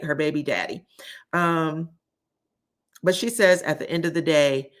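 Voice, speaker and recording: A woman recapping a reality TV episode in a chatty, opinionated way, talking straight to her viewers. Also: sits low. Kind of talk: casual recap vlog.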